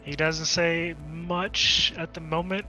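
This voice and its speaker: A man playing a tabletop role-playing game, talking casually and halting as he thinks aloud. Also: a little high, little pitch movement, loud music behind the voice. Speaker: player.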